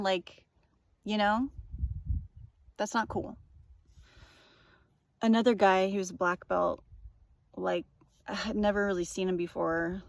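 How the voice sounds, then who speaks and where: A woman's voice: medium pitch, no room sound. A young woman telling a personal story in a casual, rambling monologue, full of fillers and swearing. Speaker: vlogger.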